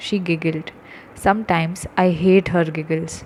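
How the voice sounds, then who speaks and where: A woman narrating an audiobook in a steady, even reading voice. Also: on the low side, normal speed, slight background noise, low-quality recording.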